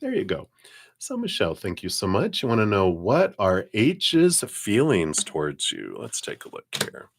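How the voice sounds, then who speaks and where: A man's voice: on the low side, huge pitch swings, normal speed, background noise. A man doing a live-stream tarot card reading, rambling with many fillers, self-corrections and frequent laughs. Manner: laughs often between remarks.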